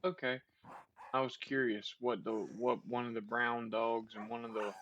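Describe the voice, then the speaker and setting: A man's voice: mid-range voice, fairly even intonation, moderate pace, fairly bright tone, slight background noise. A man hosting a gameplay video, chatting casually in a hesitant, rambling way with many restarts. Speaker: gameplay host. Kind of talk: casual chat while playing.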